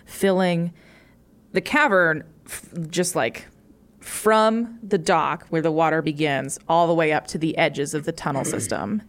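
Rambling woman game master. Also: lowish voice. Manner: rambling, many fillers. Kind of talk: narrating a tabletop game.

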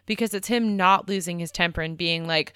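A woman co-hosting a podcast, arguing her points in an animated, casual way. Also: on the low side, a little fast, clear, resonant tone, no echo, clean studio sound. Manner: animated, argumentative. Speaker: podcast co-host. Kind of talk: casual discussion.

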